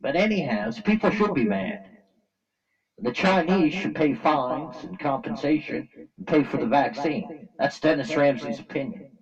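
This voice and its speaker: A man's voice: a little high, lively intonation, a little slow, slightly rough, recorded from a distance, dull audio. A man from Canada giving a blunt, angry opinion rant to camera, talking in a colloquial, repetitive way. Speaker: vlogger.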